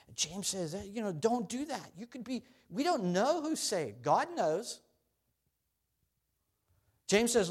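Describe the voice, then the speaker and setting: A middle-aged pastor with a somewhat high voice preaches in a plain, earnest way, stumbling into a few restarts. He climbs loud and high for scripture and goes low and soft when questioning his listeners. His pitch swings widely, his pace is slow, and he leaves long pauses.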